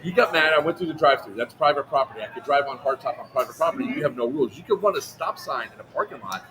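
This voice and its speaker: A man telling a story in casual chat on a livestream, animated and profane, acting out other people's lines. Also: medium pitch, racing, background noise. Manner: animated, profane, acts out quotes in a raised voice. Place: outdoor airsoft event.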